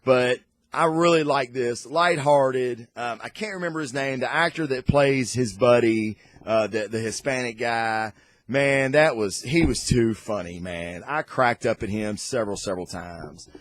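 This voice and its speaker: A man hosting a casual comic and movie review, rambling and excitable, with lots of fillers and restarts. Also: medium pitch, a little slow. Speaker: host.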